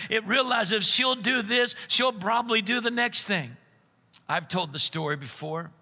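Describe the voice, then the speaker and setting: A man preaching a sermon as pastor, animated and acting out the voices he quotes, heard with long hall reverb. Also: sits high, vocal fry.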